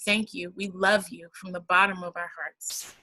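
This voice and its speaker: A woman's voice: fairly low pitch, flat delivery, normal speed, sharp tone, low-quality recording. A woman hosting a virtual fundraiser over a video call, talking in a casual, heartfelt way and calling the audience y'all. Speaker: event host for a housing nonprofit.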